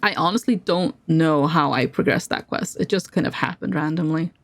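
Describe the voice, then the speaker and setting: A woman's voice: deep voice, normal speed, vocal fry. A woman streaming a video game, chatting casually and self-deprecatingly as she plays and laughing often. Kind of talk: casual gameplay commentary.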